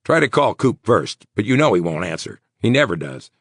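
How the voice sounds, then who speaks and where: A man voicing a nervous, sweating male mayor, talking in tense, insistent rapid bursts. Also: on the low side, big pitch swings, no echo, clean studio sound, voice pushed up. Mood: worried.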